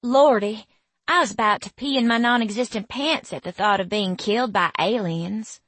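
A woman narrator voicing a frightened young woman with a Southern US accent, speaking high and sniffly. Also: normal speed, fairly bright tone, slightly rough, no room sound. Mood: relieved.

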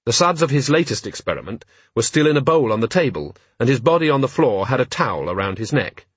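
Husky guy reading a storybook, measured and wry, dry sound. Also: medium pitch, sing-song, no echo. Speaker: audiobook narrator. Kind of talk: scripted narration.

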